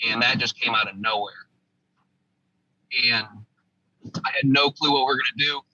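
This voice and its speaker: Veteran storyteller, man, very bright tense tone, slightly dull audio. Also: mid-range voice, normal speed, husky, no room sound. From United States. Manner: vivid storytelling, acting out quoted lines. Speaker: guest, former army sergeant. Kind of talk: recounting a combat story in a podcast interview.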